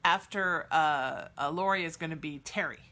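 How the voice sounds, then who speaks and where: A woman's voice: low-pitched, moderate pace, pushed and bright. Reassuring woman giving psychic readings. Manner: soothing, reassuring, calls listeners sweetheart; chatty, with many fillers and restarts. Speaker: psychic podcast host. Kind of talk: live psychic readings for chat viewers.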